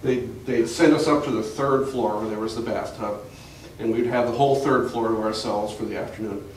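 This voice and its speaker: A man's voice: medium pitch, fairly even intonation, moderate pace. An older man telling rambling family anecdotes to an audience at a museum talk, often restarting his sentences. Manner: rambling storyteller with frequent restarts and fillers. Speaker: guest speaker at a museum talk. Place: museum gallery, recorded from the audience. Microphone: distant camera mic. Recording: echoey room from far off, faint hiss.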